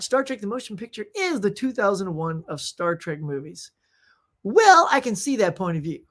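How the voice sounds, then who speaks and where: Excitable, rambling woman hosting a live chat. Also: medium pitch. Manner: excitable, rambling, slangy, with quick laughs. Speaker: host of a live movie chat show. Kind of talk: casual live-stream chat, reading viewer comments.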